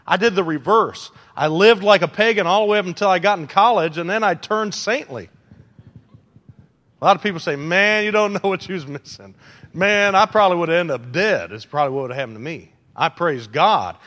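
A preacher with a high, bright voice delivers an animated sermon, teasing the congregation and acting out quotes. His words ring out with a long reverb in a church hall.

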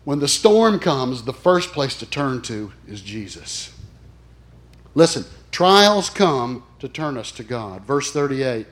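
A middle-aged man preaching a sermon as a chaplain, emphatic, swinging between loud and soft. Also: mid-range voice, big pitch swings, slow pace.

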